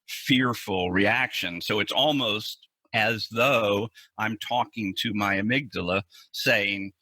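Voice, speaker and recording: A man's voice: fairly low pitch, slow, bright, forceful tone, no echo. A man speaking as a psychologist guest in an interview, explaining earnestly and with emphasis, often restarting and repeating words.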